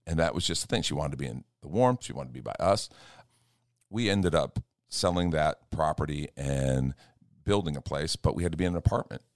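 A pastor with a very low, deep voice chats in an earnest, storytelling way. He acts out little quoted exchanges as he goes, and the sound is dry and close. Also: animated, a little fast, no echo. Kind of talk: casual chat. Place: church.

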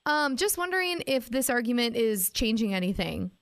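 A woman's voice: a little high, normal speed. A woman from Northeast Wisconsin, a radio host chatting casually and acting out quotes as she tells a story. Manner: animated storytelling with acted-out quotes. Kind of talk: casual chat.

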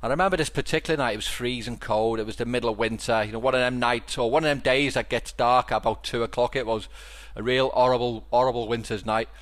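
Middle-aged Liverpool man, podcast host, relaxed rambling storyteller, mid-pitched voice. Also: fast talker, hardly any pauses. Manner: rambling storyteller with many restarts. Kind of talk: casual chat.

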